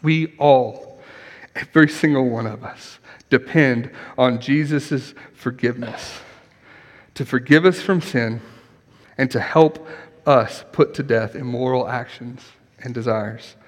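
A man preaching an earnest sermon as pastor, then leading a quiet prayer. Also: mid-range voice, slow pace. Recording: long hall reverb.

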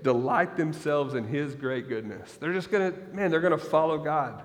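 A man in his thirties preaching a sermon, reading scripture aloud and breaking off into lively, joking asides to the congregation. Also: fairly high pitch, moderate pace. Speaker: pastor. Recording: long hall reverb.

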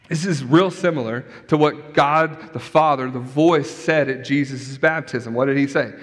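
A man preaching a sermon in a conversational style, animated, tossing in asides to the congregation. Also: mid-range voice, normal speed, hardly any pauses. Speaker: pastor. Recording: long church reverb.

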